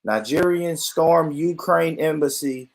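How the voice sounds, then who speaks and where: A man's voice: fairly high pitch, takes it slowly, creaky. A man hosting a casual podcast chat, emphatic and prone to repeating himself. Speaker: podcast host.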